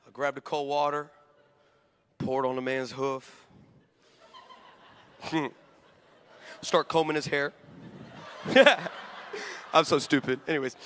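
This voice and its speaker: A young man preaching a sermon to a live audience, telling a story with animated swings between shouting and hushed asides. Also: fairly high pitch. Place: large hall with live audience.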